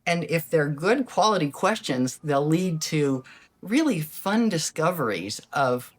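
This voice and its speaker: Lively-voiced older woman coaching host. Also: sits low, unhurried. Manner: gentle, animated, acts out quoted questions. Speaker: podcast host, life coach. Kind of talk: reflective solo talk. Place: lives abroad in Ecuador.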